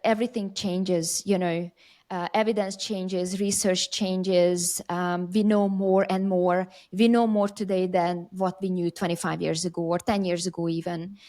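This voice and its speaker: A woman's voice: fairly low pitch, little pitch movement, measured pace, dark tone. A woman hosting a podcast interview, asking probing questions and reflecting on how her own teaching has changed. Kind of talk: conversational interview.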